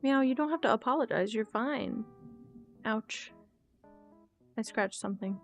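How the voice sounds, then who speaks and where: A woman's voice: a little high, measured pace. A young woman streaming a game, chatting in a candid, rambling way, thinking aloud and answering chat. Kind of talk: casual live-stream chat while gaming. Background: faint guitar music.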